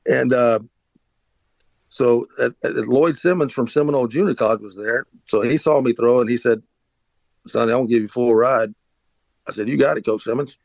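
A man's voice: medium pitch, moderate pace, vocal fry, long pauses, a little mellow, dry recording. Middle-aged guy rambling through a story, lots of uh's and restarts, plain mid voice, dry sound. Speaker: podcast host, former pitcher. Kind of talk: casual storytelling.

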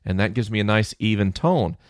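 A man hosting a science Q&A podcast alone in his office, explaining in a relaxed, conversational way into a close microphone. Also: lowish voice, a little fast, dry recording. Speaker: podcast host answering listener questions. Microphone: close studio microphone off to the side of the mouth.

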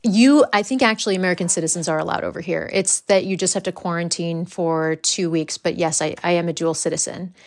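A woman comedian appearing as a podcast guest, chatting in a breezy, jokey way full of quick asides. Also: fairly low pitch. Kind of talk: casual podcast chat.

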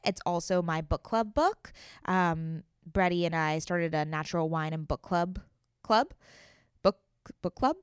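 A woman's voice: lowish voice, clean tone, no room sound, studio quality. A young woman hosting a podcast in a casual solo chat, chatty and giggly, tripping over her words now and then. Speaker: podcast host.

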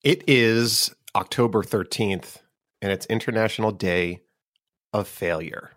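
A man's voice: lowish voice, unhurried, a bit bright, no echo, clean studio sound. A man co-hosting a true crime podcast, reading out trivia in an easygoing way and narrating from a script. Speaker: podcast co-host.

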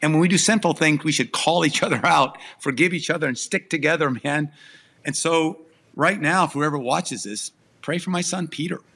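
A man's voice: on the high side, normal speed, creaky, fairly bright tone, breathy edge. A middle-aged man sharing a personal testimony as an interview guest, earnest and emphatic, his voice tearful and breaking with emotion.

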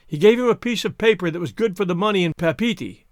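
A man's voice: sits high, lively intonation, fast talker, no room sound, studio quality. A man playing a timid, faltering husband. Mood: weary. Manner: faltering, fearful. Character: timid, scheming island husband.

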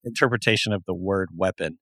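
A man's voice: low-pitched, quick pace, a bit bright, no echo. A man co-hosting a podcast, playful and argumentative in casual banter. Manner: playful, argumentative, laughs often. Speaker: podcast co-host.

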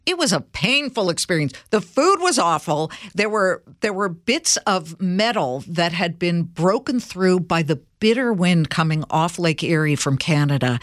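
A woman hosting a podcast interview, chatty and lively, laughing along with her guest. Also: on the low side, unhurried, hardly any pauses, no room sound, clean studio sound. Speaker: podcast host. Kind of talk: casual interview conversation.

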